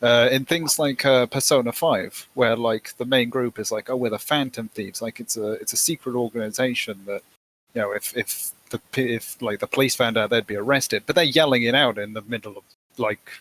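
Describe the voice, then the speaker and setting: A man's voice: medium pitch, moderate pace, a bit bright, rough recording. A man co-hosting a casual podcast, rambling through hesitant asides and teasing the others. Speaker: podcast co-host. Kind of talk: casual chat.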